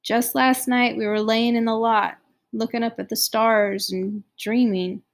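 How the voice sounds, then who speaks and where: A woman's voice: on the high side, flat delivery, measured pace. A woman voicing an emotional, insistent fourteen-year-old boy. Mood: upset.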